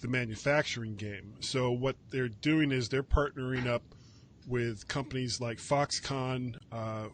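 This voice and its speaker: A man's voice: medium pitch, unhurried, a little hiss or hum. A man hosting a casual tech news chat, rambling and correcting himself with wry asides. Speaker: podcast host.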